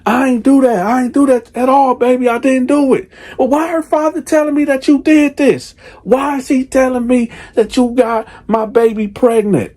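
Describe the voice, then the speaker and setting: A man voicing a cornered stepfather who protests and pleads his innocence in a strained high voice. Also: fairly even intonation, moderate pace, few pauses, darkish tone. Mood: pleading.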